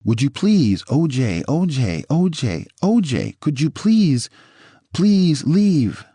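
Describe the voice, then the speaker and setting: Brief: pleading, frightened woman caller, read by a man with a lively dark voice. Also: lowish voice, normal speed, dry recording. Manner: pleading, repeated appeals. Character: frightened woman calling police.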